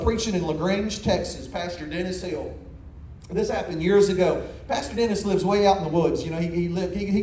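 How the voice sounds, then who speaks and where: A man with a high voice preaching to a congregation in a big, echoey hall. He tells stories in a folksy, animated way, often stumbling over and repeating his words. A faint room ambience sits under his voice. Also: slight background noise. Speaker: pastor. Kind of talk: sermon. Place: large church hall.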